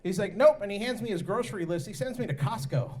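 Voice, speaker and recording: A man performing a stand-up comedy set at a bar, telling stories and jumping into voices for the people in them. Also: fast talker. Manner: animated, jumps into high-pitched voices for other characters. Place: bar and grill comedy night.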